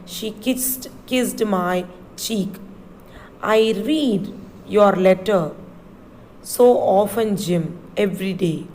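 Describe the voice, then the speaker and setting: A woman teacher, reading a textbook passage aloud slowly and spelling each word letter by letter for a class. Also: mid-range voice, a little mellow, a little hiss or hum, low-quality recording. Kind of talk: slow reading lesson, spelling words letter by letter.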